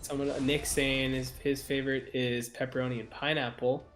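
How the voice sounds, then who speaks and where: A man's voice: mid-range voice, level tone, moderate pace, fairly bright tone, soft background music. A man hosting a gaming stream in casual chat, upbeat and joking, reading viewer comments aloud. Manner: upbeat, reads chat aloud, jokes around. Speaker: streamer host.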